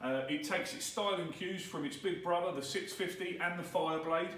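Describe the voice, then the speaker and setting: A man's voice: normal speed, fairly bright tone. A man giving an enthusiastic sales walkaround of a motorcycle in a dealer showroom. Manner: enthusiastic sales pitch with fillers. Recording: echoey showroom from far off.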